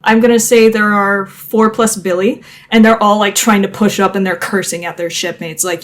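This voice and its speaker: A woman's voice: medium pitch, fairly even intonation, normal speed, few pauses. A woman narrating a tabletop game as game master, setting scenes vividly with lots of casual fillers.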